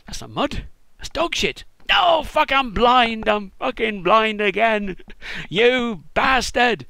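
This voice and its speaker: A man playing a blind man who shouts in a high, excitable voice. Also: normal speed, gravelly, no echo, clean studio sound, exaggerated voice. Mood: frantic. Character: shrieking cured blind man, suddenly furious.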